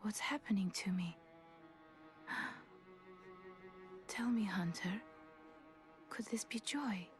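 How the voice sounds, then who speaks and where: A woman voicing a gentle, calm female doll who serves hunters in a game, speaking softly and with wonder. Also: mid-range voice, soft background music. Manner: soft, slow and wondering. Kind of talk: game character dialogue.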